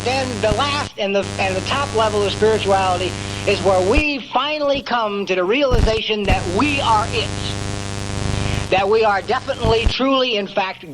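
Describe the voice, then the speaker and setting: A man's voice: sits high, noisy background. A man giving a folksy, emphatic storytelling talk at a recovery meeting, peppering it with "man" and "you know".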